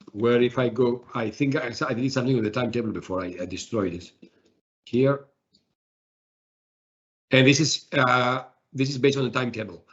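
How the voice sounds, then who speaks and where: A man presenting a software demo in a webinar, talking haltingly with many fillers and restarts. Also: mid-range voice, breathy edge, muffled recording.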